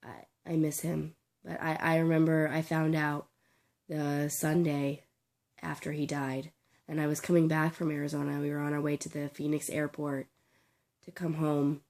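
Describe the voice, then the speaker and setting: A young woman with a sore throat talking in a personal vlog, halting, tearful and full of restarts. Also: low voice, little pitch movement, a little mellow. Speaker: vlogger.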